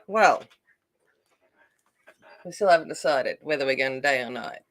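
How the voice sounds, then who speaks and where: An Australian woman hosting a casual colouring livestream. She chats while she works, greets viewers by name and thinks out loud. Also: extremely low pitch, animated, a little slow. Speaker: adult colouring livestream host.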